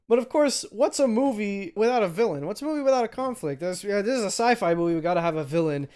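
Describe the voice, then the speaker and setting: A man's voice: sits high, expressive, fairly quick, a little mellow, clean tone. A man co-hosting a film review podcast, chatting casually, laughing often and wandering into asides. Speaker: podcast co-host.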